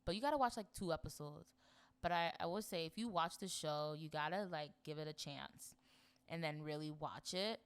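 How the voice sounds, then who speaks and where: A young woman from Florida, co-hosting a podcast in chatty, animated casual conversation. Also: low-pitched, moderate pace, smooth. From Florida, United States. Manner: chatty and animated, swings into playful put-on voices. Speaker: podcast co-host. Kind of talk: casual chat.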